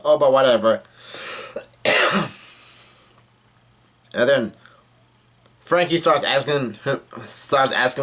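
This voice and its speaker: A man talks through a comic chapter in a loose, unscripted way. He trips over words, restarts and fills gaps with "uh." His voice sits at an ordinary middle pitch. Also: bright, forceful tone. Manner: halting, with many fillers and restarts. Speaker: manga reader recapping a chapter. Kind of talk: casual chapter recap.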